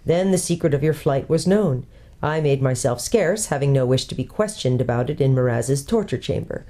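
A woman's voice: a bass voice, animated, moderate pace, mellow. A woman voicing an old male tutor, learned and kindly, courtly and precise as he explains, in a storybook reading. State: out of breath from hurrying.

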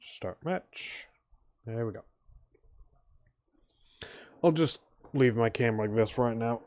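A man's voice: medium pitch, unhurried, darkish tone. A worn-out, sleepy man streaming a game, talking casually over his play and mumbling with sighs and groans. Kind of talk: casual gameplay commentary.

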